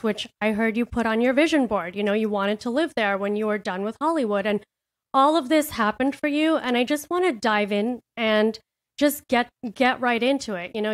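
A woman in her late thirties hosting a podcast, talking in an enthusiastic, gushing way. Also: fairly high pitch. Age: late 30s. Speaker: podcast host. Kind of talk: casual podcast interview.

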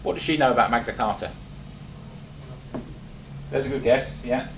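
A man's voice: mid-range voice, moderate pace, gravelly, roomy sound, slight background noise, rough recording. An older man from England giving a chatty talk to a small group, full of rhetorical questions and restarts. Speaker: presenter. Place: meeting room.

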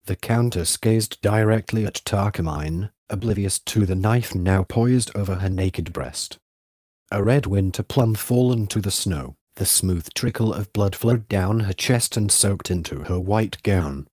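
Deep-voiced male audiobook narrator. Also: measured pace, darkish tone, no room sound, clean studio sound. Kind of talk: scripted literary narration.

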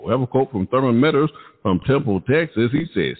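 A man's voice: medium pitch, sing-song, a little fast. A man hosting a gospel radio show with an emphatic, showman-like announcing manner. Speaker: radio DJ and host. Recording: tinny phone-like sound, long reverb.

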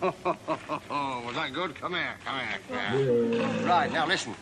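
An exuberant man presenting a travel segment out of doors on a hot day, coaxing and playing to the camera. His voice sits at an everyday middle pitch. Clear background noise from the old outdoor broadcast runs under his talk. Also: takes it slowly. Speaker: TV host.

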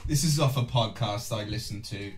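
A man's voice: on the low side, normal speed, over loud music. A man hosting a casual podcast, joking in a dry, crude way. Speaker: podcast host.

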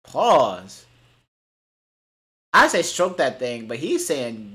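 A man's voice: medium pitch, big pitch swings, extremely slow, pauses often, bright, forceful tone. Hyped young man reacting to basketball. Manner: hyped, slangy, repeats short catchphrases. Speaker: streamer reacting to game highlights. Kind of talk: excited live reaction commentary.

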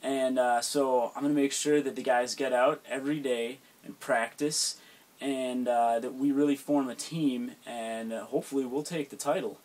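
A man's voice: medium pitch, steady tone, moderate pace, darkish tone. A young man speaking hesitantly, with many fillers, in a mock reality-show confessional. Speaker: student video maker.

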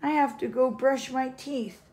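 A woman's voice: high voice, steady tone, a little slow, a little mellow. A woman reading aloud, voicing a young boy who keeps stalling at bedtime in an earnest, pleading way.

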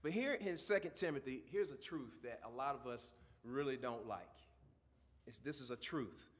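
A male pastor preaching a sermon, moving from quiet teaching to loud, fervent preaching. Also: mid-range voice, moderate pace.

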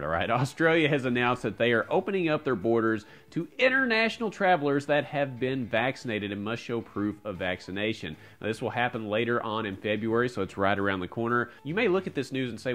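A man's voice: lowish voice, fairly bright tone. A man hosting a casual points-and-travel news roundup, upbeat and chatty, often checking in with "all right?". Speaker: host of a credit card and travel channel.

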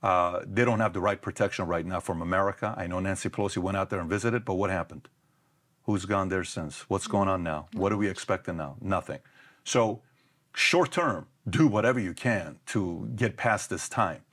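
A man's voice: deep voice, fairly quick, a bit bright. A middle-aged man as an interview guest, talking emphatically and firing off rhetorical questions. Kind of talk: conversational interview.

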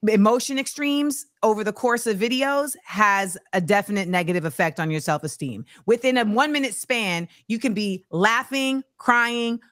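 A woman hosting a talk show in casual chat, animated, laughing and slipping into slang. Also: medium pitch, moderate pace, few pauses, dry recording, clean studio sound. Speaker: host.

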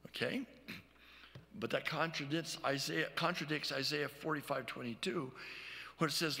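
A man preaching a sermon as pastor, teaching verse by verse, often checking in with "okay?" and reading scripture slowly. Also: fairly high pitch, gravelly, bright, forceful tone, long reverb tail. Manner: reads scripture aloud slowly.

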